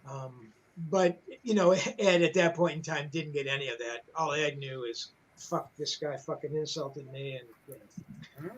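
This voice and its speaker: An older man telling a backstage story in loose, meandering conversation, with plenty of cursing and false starts. His voice sits a little above the usual male pitch. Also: moderate pace, rough recording. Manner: rambling, profane, many fillers and restarts. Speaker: rock journalist telling a story. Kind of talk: casual storytelling on a livestream.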